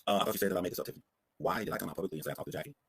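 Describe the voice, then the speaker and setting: A man's voice: low-pitched, rapid-fire, a bit bright, no echo. A man hosting reaction commentary on a clip, confrontational, mocking and profane. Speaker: commentary host.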